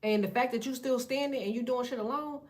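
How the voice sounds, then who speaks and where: Woman doing a tarot reading, kinda high voice, blunt and cussing a lot, preachy. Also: fairly even intonation, fast. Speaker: tarot reader. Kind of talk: casual tarot reading monologue.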